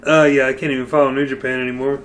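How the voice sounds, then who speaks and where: A man's voice: medium pitch, flat delivery, very fast, fairly bright tone, slight background noise. A man hosting a casual podcast chat, laughing often and filling with "uh". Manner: laughs often, many fillers. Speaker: podcast host.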